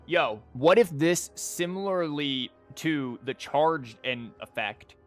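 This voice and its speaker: A man's voice: on the high side, slow. A man chatting casually on a live stream as he thinks aloud, rambling and packing his talk with "like" and restarts. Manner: rambling, filler-heavy, full of "like" and restarts. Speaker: streamer and teacher. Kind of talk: casual live-stream chat while theorycrafting. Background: faint music.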